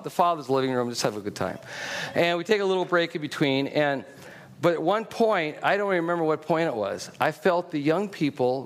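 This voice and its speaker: Animated middle-aged man preaching. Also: a little high. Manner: animated, storytelling, exhorting. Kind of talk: sermon.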